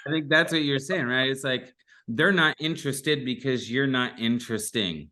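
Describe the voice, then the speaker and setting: A man's voice: mid-range voice, normal speed, bright, forceful tone. A man hosting a sales podcast, talking loosely and self-deprecatingly in casual chat. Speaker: podcast host.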